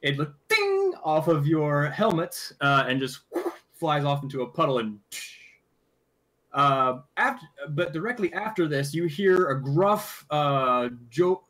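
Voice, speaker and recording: A man runs a tabletop game as game master and narrates the scene. His voice sits a bit high for a man. He stops and restarts often, filling the gaps with fillers. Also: fairly bright tone. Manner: halting, many fillers and restarts while recapping.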